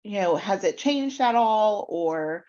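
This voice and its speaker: A woman's voice: mid-range voice, animated, slow pace, mellow, highs cut off. A woman hosting an online workshop, explaining website feedback step by step with frequent ums, over a video call. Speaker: mentor reviewing websites.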